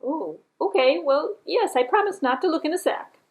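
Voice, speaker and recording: A woman's voice: high voice, animated, normal speed, pitched above the performer's own voice. A woman voicing a cheerful, trusting country lady in a children's puppet show, sweet and eager to please. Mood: sweet, agreeable.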